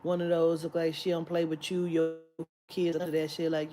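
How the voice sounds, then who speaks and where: A woman's voice: low voice, moderate pace, slight background noise. Brief: woman vlogger, storytime, swearing freely, exasperated, phone-camera sound. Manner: animated, profane, exasperated storytelling. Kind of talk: storytime vlog. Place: shopping area.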